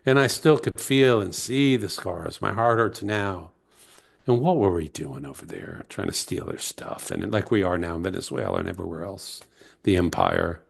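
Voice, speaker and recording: A man from the United States, a guest author, telling heartfelt stories slowly and reflectively in an interview. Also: deep voice, gravelly. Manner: heartfelt, emotional, slow and searching.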